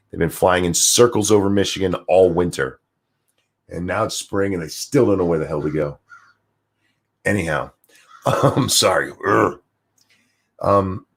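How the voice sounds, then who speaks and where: A man's voice: sits low, creaky, breathy edge. A man hosting a ranting political livestream, swearing freely and reading out viewer donation messages. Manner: profane, ranting, reads donor messages aloud. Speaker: political commentary livestream host. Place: home, near geese outdoors.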